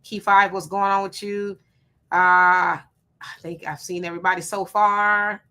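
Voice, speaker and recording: A woman hosting a casual livestream, reading viewer comments aloud and giving quick, relaxed replies. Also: medium pitch, smooth. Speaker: livestream host.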